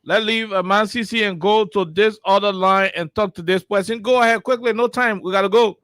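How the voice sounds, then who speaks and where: Man, radio host, brisk, hurried, high-pitched. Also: fairly even intonation, a bit bright, no room sound, studio quality. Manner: brisk, hurries callers along. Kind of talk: moderating call-in radio.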